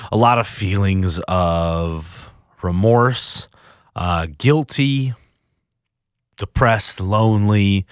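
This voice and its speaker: Low-voiced guy talking about his recovery, halting and emotional, close dry mic. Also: no room sound. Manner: earnest, halting, confessional. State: emotional, near tears. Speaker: podcast host. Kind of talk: personal recovery podcast monologue.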